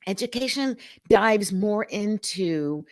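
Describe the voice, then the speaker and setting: A woman's voice: medium pitch, animated, takes it slowly. An older woman from Georgia hosting a live-stream talk, speaking straight to viewers, acting out phone greetings and reading their comments aloud. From Columbus, Georgia. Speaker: host of a live customer experience show.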